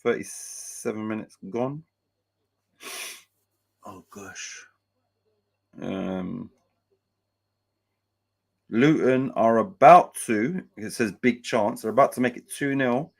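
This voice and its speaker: A man's voice: mid-range voice, slow, creaky, long pauses. A man hosting a casual live match-day stream, chatting loosely, swearing freely and reading out chat messages and scores.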